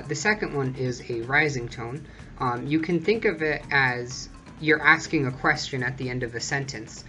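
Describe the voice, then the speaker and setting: Bright-voiced casual language tutor. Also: medium pitch. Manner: chatty, explains step by step.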